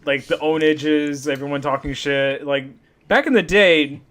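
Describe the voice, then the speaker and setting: A man's voice: on the high side, unhurried, fairly bright tone. A young man co-hosting a casual wrestling podcast, joking, swearing and mimicking people in silly voices. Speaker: podcast co-host.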